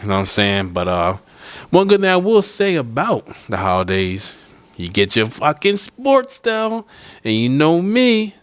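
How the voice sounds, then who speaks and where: A man's voice: medium pitch, huge pitch swings, measured pace, smooth, no echo. A man hosting his own podcast in casual, loose chat that rambles with profane asides. He talks into a studio mic with headphones on. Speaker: podcast host.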